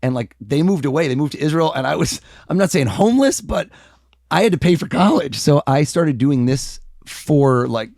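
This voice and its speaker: A man from the United States, a mentalist guest, talking in a casual interview in a lively, animated way. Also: fairly high pitch, normal speed, gravelly, dry recording, studio quality. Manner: energetic, animated, acts out quoted voices.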